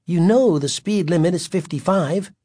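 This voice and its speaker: A man voicing an excitable mother who scolds and worries over her family. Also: sits high, moderate pace, no echo, pitched above the performer's own voice. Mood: fussing. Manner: bright then scolding.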